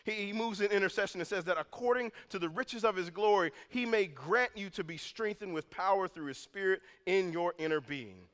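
A man preaching a sermon as pastor, moving from calm teaching to loud, intense passages. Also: high voice, normal speed, hardly any pauses. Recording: long hall reverb.

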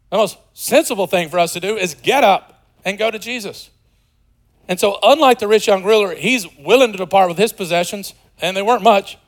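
A man's voice: high-pitched, poor audio. Dynamic man preaching a sermon. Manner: swings from loud excited to soft hushed; conversational, jokey asides. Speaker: pastor.

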